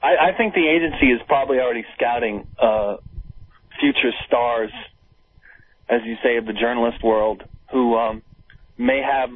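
Over a tinny phone line, a medium-pitched man speaking at normal speed co-hosts a casual political talk radio chat. He's sardonic and conspiratorial, and he talks over his cohost.

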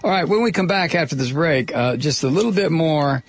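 Gravelly-voiced male radio talk host. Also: a little high, expressive, a little fast, hardly any pauses, soft background music. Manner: rambling, joking, many fillers and restarts. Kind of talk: casual talk radio monologue.

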